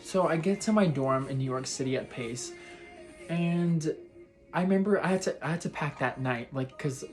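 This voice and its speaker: A man's voice: a little high, normal speed, soft background music. A young man from Texas telling a personal story in a vlog, rambling and heartfelt, with lots of "like" and "you know". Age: young adult. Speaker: vlogger.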